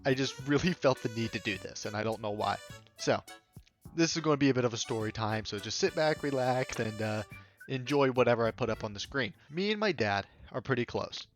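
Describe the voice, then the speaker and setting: A man's voice: medium pitch, expressive, brisk, faint music behind. Young adult male vlogger; casual, rambling storyteller with lots of asides, mid-range voice, home mic. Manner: rambling, chatty, full of asides. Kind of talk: casual story-time rant. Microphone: home desk microphone.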